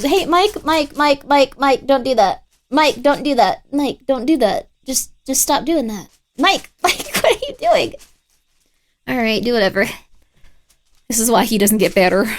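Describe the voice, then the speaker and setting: A woman streaming a game live, chatting playfully, scolding her pet and bantering with her viewers as she plays. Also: fairly high pitch. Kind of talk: casual live-stream gameplay commentary.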